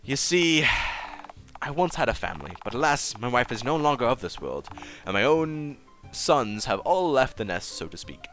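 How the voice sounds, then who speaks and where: A man voicing a pompous aging gentleman theater owner with a stuffy, attempted British accent, reading a game aloud on stream. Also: mid-range voice, sing-song, moderate pace, faint music behind. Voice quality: stuffy, formal, old-fashioned phrasing.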